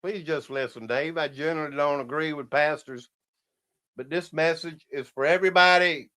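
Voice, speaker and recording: Male streamer, fairly high smooth voice, rambling casual chat with lots of chuckles. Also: moderate pace, sharp tone. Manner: rambling, laughs often, talks to viewers as "y'all". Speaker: livestream host.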